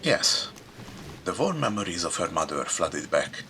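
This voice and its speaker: A man's voice: low-pitched, sing-song, measured pace, sharp tone, slight background noise. A man hosting a let's play, reading a story game aloud with dramatic narration and dry asides. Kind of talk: reading a visual novel aloud with commentary.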